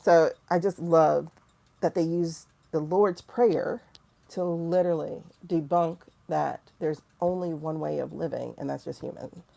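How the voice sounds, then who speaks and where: A woman hosting a livestream in casual talk, blunt and animated, laughing often. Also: low voice, unhurried, vocal fry. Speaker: livestream host.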